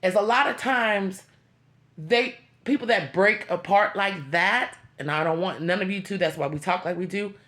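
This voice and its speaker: A woman's voice: mid-range voice, normal speed, fairly bright tone. Emotional woman pleading with her viewers. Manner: heartfelt, pleading, repeats herself. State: emotional, near tears. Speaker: vlogger. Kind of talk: emotional motivational talk to viewers.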